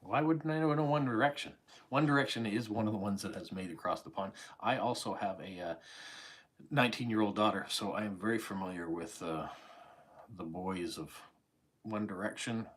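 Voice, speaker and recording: A channel host rambles casually through viewer comments during a live stream, full of fillers and tangents. He is a Canadian in his forties with a touch of an English-tinged accent, speaking at a moderate pace in a fairly low, breathy-edged voice.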